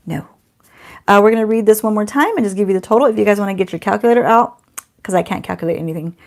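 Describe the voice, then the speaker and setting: Speaking fast in a creaky, medium-pitched voice, this middle-aged beauty vlogger unboxes products at home. Her manner is casual, chatty and self-teasing, and she addresses the camera as well as a person off screen.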